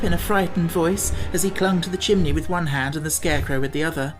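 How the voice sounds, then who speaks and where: Man narrating a storybook over soft music. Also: fairly high pitch, level tone, quick pace. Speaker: audiobook narrator.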